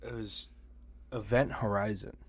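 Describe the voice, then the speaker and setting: A man in casual podcast chat who talks in a relaxed way, mostly gives short reactions, and laughs easily. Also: on the low side, a little slow, slightly rough, dry recording. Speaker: podcast co-host.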